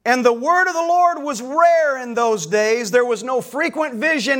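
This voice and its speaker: A male pastor preaching a sermon dramatically, swinging between hushed moments and shouted ones. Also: very high voice, moderate pace, hardly any pauses.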